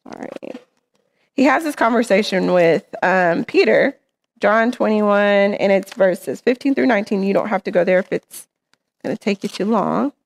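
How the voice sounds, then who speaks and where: A woman's voice: mid-range voice, expressive, moderate pace, creaky. A woman preaching in church, talking in an earnest, conversational way and often checking in with her listeners. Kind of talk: sermon.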